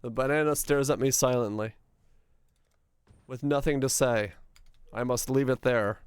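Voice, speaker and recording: A young man chats through his live game stream, muttering to himself, joking and humming silly tunes. His voice is smooth and clear at a mid pitch. The sound is dry with no room around it. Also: measured pace, no echo. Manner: hums and sings nonsense tunes. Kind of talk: casual live-stream chatter.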